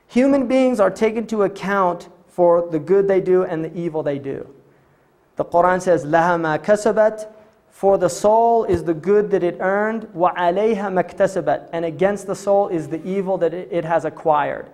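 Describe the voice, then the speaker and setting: A man with a notably high speaking voice delivers a religious lecture to a live audience. He explains terms patiently, recites short scripture passages, and drops into casual asides and rhetorical questions as he teaches. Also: darkish tone.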